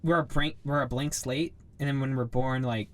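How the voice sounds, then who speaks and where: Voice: mid-range voice, fairly even intonation, normal speed. A speaker in a casual chat, rambling and searching for words, leaning heavily on "like".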